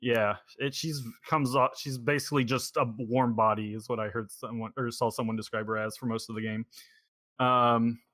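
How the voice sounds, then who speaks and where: A man's voice: medium pitch, fairly even intonation, moderate pace, a bit bright, no echo. A man hosting a podcast in a casual chat, rambling and thinking aloud as he goes. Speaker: podcast host.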